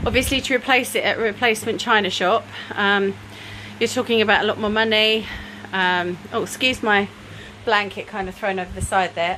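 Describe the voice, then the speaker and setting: A woman's voice: mid-range voice, brisk, bright, forceful tone, slight background noise, low-quality recording. A woman chatting casually in a home craft vlog, rambling with ums and little laughs, a bit out of breath, filming on a handheld camera. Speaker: craft vlogger. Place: home craft room, indoors.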